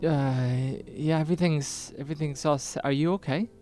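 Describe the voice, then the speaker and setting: A man's voice: on the high side, fairly even intonation, normal speed, dark tone, soft background music, close to an everyday voice. Man doing a shaken, mumbling young man. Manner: hesitant, mumbling.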